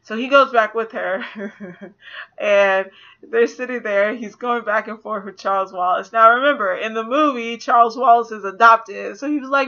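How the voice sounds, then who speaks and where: A woman giving a casual spoiler movie review, chatty and animated, acting out quotes with laughs. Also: fairly high pitch, moderate pace. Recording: slightly dull lo-fi audio.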